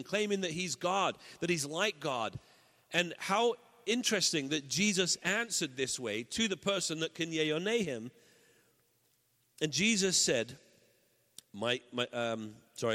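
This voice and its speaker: A man in his forties preaching a sermon as pastor. He reads scripture with lively, heightened dialogue and jokes with the congregation about his family. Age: 40s. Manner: animated, raising pitch when reading Bible dialogue; joking, self-deprecating asides to the congregation. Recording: reverberant hall.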